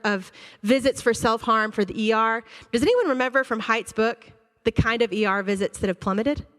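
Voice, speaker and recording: A woman school counselor giving an animated, conversational talk to a church audience, acting out her students' reactions. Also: on the high side. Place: church auditorium. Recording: long hall reverb.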